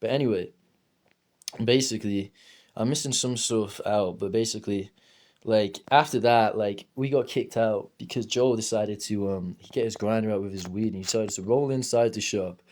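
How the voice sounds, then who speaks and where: A man's voice: lowish voice, moderate pace, a little mellow. A young man telling a rambling, swear-filled story while gaming, calling everyone "bro". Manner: casual, rambling, says "bro" constantly, swears a lot. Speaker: gaming streamer.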